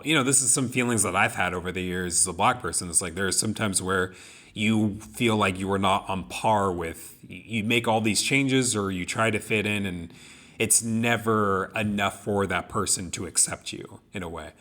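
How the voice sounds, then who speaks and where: Bright-voiced man talking earnestly. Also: on the low side, normal speed. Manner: earnest, reflective storytelling with many restarts. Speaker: podcast co-host. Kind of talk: casual discussion of song lyrics.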